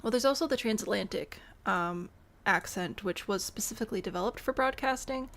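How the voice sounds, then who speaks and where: A young woman from Michigan speaks briskly at a medium pitch, with a bit of brightness. With her mild Midwestern accent, she chats casually on a live stream, thinking aloud and answering chat while building in a game.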